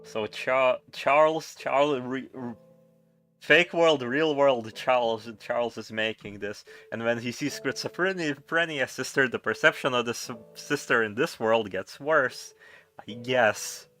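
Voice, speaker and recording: A man playing a visual novel and commenting casually, loud, joking and swearing. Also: mid-range voice, unhurried, faint music behind. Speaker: let's play gamer.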